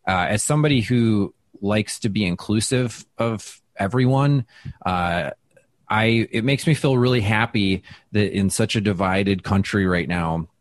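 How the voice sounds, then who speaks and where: A man who does stand-up, telling stories in a casual interview, chatty and self-deprecating, with lots of fillers and restarts, and he acts out quoted lines with big jumps in pitch. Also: a little slow, dry recording. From Wisconsin. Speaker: stand-up comedian, guest. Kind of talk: casual interview talk, storytelling.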